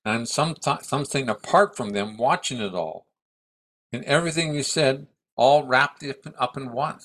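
Seventy-something guy musing on the self, kinda halting, bright voice. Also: mid-range voice. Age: 70s. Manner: thoughtful, halting, restarts often. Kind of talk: reflective dharma talk.

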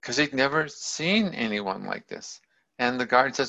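A man's voice: mid-range voice, lively intonation, a little slow, creaky, sharp tone. A man telling a story in a loose, rambling, casual way, in a dull lo-fi recording. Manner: loose and rambling, many fillers and restarts.

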